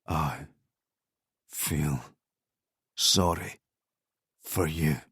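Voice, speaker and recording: A man's voice: low-pitched, steady tone, unhurried, no room sound, studio quality. A man voicing a drugged, half-delirious captive agent. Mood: weak. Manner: weak, stammering murmur. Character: drugged defiant British male agent.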